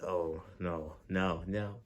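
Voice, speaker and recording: A man's voice: sits low, steady tone, slow. A man voicing a fretful older brother who rambles about saving his little brother in a homemade plush-toy skit. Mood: worried. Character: worried protective older brother.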